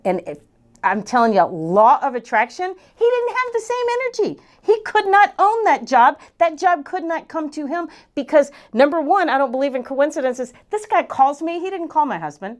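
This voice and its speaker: A middle-aged woman coaching, telling a motivational story and acting out what people said, jumping high on exclamations. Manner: animated, acts out quoted voices, jumps high on exclamations.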